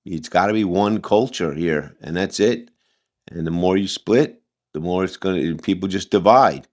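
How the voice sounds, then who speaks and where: A man with a low voice talks through a reaction commentary in a loose, heated ramble. He restarts sentences often and leans on fillers as he argues. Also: moderate pace, a little mellow. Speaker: commentary channel host.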